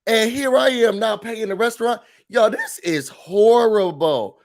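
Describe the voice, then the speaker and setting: A man's voice: sits high, measured pace. A man with a slightly raised voice hosts a casual morning show from home. He chats and jokes loosely and acts out little scenes as he goes. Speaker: host. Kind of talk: casual commentary on a video.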